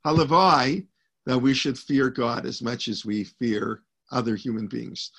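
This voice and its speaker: A man's voice: medium pitch, steady tone, a little slow, vocal fry, breathy edge. A man teaching a Torah class as a rabbi, talking in a loose, rambling way and quoting Hebrew texts.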